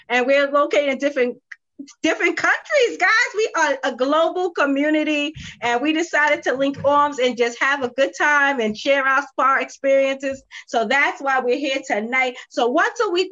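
A woman's voice: sits high, bright, forceful tone. A woman in her fifties from New York state, hosting a live video chat in a bubbly, chatty way and often saying "guys". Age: 50s. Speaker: host. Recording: muffled video call audio.

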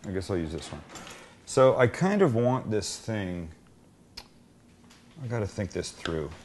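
A man's voice: lowish voice, lively intonation, a little slow, darkish tone, slight background noise. A man hosting a cooking show, chatting and joking with guests while he works out a recipe aloud. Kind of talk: casual cooking chat.

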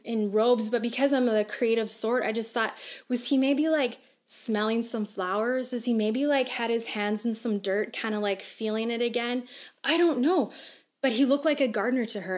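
A woman in her thirties preaching a sermon on a church livestream, earnest and conversational, asking gentle questions. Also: fairly high pitch. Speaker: pastor.

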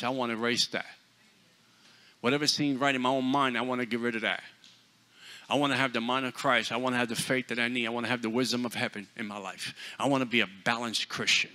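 A man preaching a sermon in a church, blunt and forceful, dropping to hushed asides and then booming out. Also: fairly even intonation, fast. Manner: forceful, blunt, swings between loud and hushed. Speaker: guest preacher.

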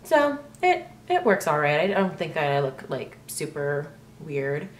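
A woman's voice: deep voice, sing-song, unhurried, a little hiss or hum. A young woman chatting casually through a makeup tutorial, rambling with lots of ums and likes. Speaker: beauty vlogger.

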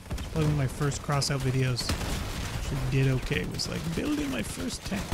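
A man giving excitable, chatty commentary over his own gameplay, exclaiming often. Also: a little high, background noise. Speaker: gaming YouTuber. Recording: game gunfire behind voice. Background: game gunfire and explosions.

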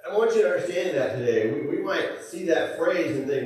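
A man's voice: on the high side, lively intonation, brisk, few pauses, darkish tone. A male pastor preaching a sermon in a church auditorium, talking conversationally with folksy asides and chuckles. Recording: echoey church hall, mic at a distance.

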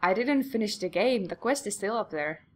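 A woman's voice: mid-range voice, animated, normal speed. A young woman hosting a game playthrough, chatty and rambling, acting out the voices she quotes. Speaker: let's play host. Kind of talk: casual gameplay commentary.

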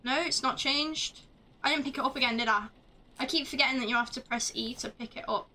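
A woman streaming a game live, chatting along as she plays, swearing freely and shouting at the screen. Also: high-pitched, fairly quick. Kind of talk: live gameplay commentary.

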